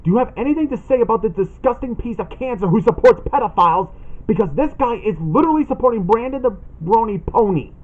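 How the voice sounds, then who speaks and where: An indignant, animated man hosts a ranting callout video on his channel, reading posts aloud in an accusatory tone and talking fast. His high voice swings widely in pitch, and the recording sounds dull and lo-fi.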